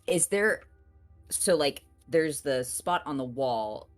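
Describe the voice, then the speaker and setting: A woman's voice: sits low, animated, slow, no room sound, soft background music. A woman playing a tabletop game, asking questions and thinking aloud in casual, giggly chat. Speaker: player.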